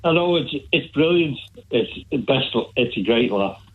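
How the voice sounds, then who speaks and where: A man phones in to a radio show, his mid-range voice lively and moving at a normal pace. He's chatty and cheerful, rambling a bit, and the call sounds tinny over the telephone line.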